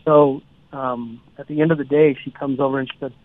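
A man who writes children's books, telling a story from a school visit in a relaxed way, with many fillers. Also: mid-range voice, a little fast, no echo. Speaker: children's author. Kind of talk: storytelling in a radio interview. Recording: dry tinny phone line.

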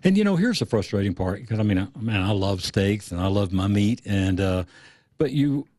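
A man's voice: fairly low pitch, lively intonation, normal speed, mellow, no room sound, clean studio sound. A man hosting a radio talk show, casual and upbeat as he chats with his guest.

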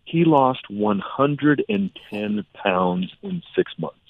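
A man, a functional medicine doctor, telling lively patient stories with lots of fillers as a radio show guest. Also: medium pitch, slow, creaky. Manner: animated storytelling with fillers. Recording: tinny phone-like radio audio.

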